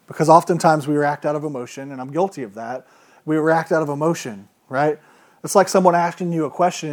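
Male preacher, slightly high voice, casual and emphatic, asks the congregation questions. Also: darkish tone. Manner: conversational, emphatic, rhetorical questions. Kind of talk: sermon.

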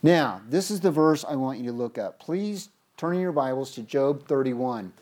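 A preacher giving a sermon, reading scripture aloud emphatically with big swings in pitch and loudness, often restarting words. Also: expressive, moderate pace. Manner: stumbles and restarts words mid-phrase.

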